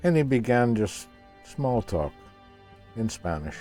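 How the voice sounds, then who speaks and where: Older man, casual storyteller, mellow tone, halting delivery. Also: mid-range voice, very animated, soft background music. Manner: halting, repeats words when searching for them. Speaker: interviewee recounting a past voyage.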